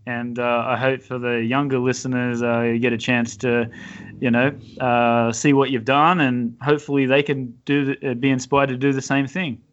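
A man hosting a casual interview, speaking haltingly with many fillers and restarts. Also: medium pitch, little pitch movement, muffled recording, a little hiss or hum. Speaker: podcast host.

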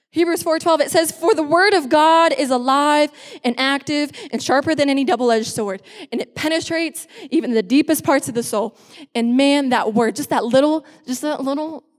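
A young woman pastor in her twenties shares her testimony from the pulpit. Her voice sits high and carries, and she acts out the quoted voices as she tells the story. A long reverb trails each phrase in the large hall. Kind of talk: sermon testimony.

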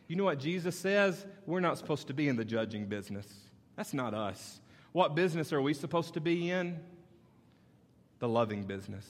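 A man's voice: fairly high pitch, expressive, normal speed, big-room sound. A male pastor preaching a sermon in a conversational, storytelling way that builds to emphatic points. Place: church sanctuary.

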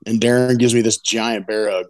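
Speaking briskly in a lowish voice, this middle-aged man rattles off an excited, wandering tale about competition barbecue during a relaxed interview. He keeps saying "you know what I mean," and there's no room sound at all.

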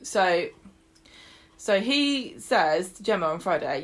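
A woman co-hosting a chatty podcast, running through a soap's plot in easy, casual talk. She keeps it lively, laughs easily and slips into little voices for the characters. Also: fairly low pitch, takes it slowly. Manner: chatty, animated, laughs often, acts out quotes. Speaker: podcast co-host. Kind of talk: casual chat recapping a soap.

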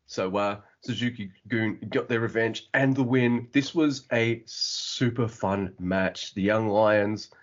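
A man co-hosting a podcast, recapping wrestling matches in lively, casual talk with swearing and laughs. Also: fairly low pitch, takes it slowly, hardly any pauses. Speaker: podcast co-host. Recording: dull lo-fi audio.

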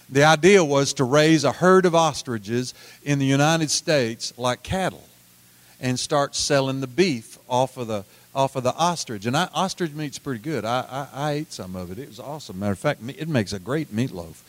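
A middle-aged man preaching a sermon, telling folksy stories with repeated words and swings from loud to hushed. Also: medium pitch, no echo. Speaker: pastor.

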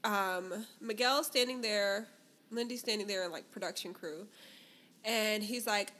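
A woman co-hosting a chatty podcast, recapping reality-show scenes in a relaxed storytelling way. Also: mid-range voice, unhurried. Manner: relaxed storytelling recap, acting out quoted lines. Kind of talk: casual chat.

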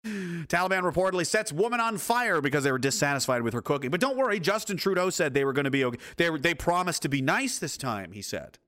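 A man's voice: a little high, sing-song, fast talker, fairly bright tone. A man reacting to news reports and photos in a sarcastic, angry, heavily profane rant. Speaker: commentator.

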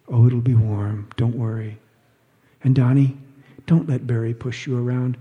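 A man's voice: medium pitch, little pitch movement, unhurried, big-room sound, dull audio, lightly acted. A man reading an audiobook, voicing a sly divorced woman who talks in a sugary, teasing, falsely innocent way.

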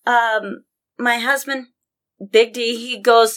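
A woman's voice: fairly high pitch, fairly even intonation, slow, a bit bright. A woman in casual conversation, telling a personal story with passion and vivid detail. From Denver. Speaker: podcast guest storyteller.

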